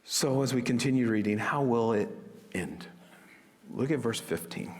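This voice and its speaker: A man preaching a sermon as pastor, expressive and sometimes dropping to a hush for emphasis. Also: medium pitch, moderate pace, big-room sound.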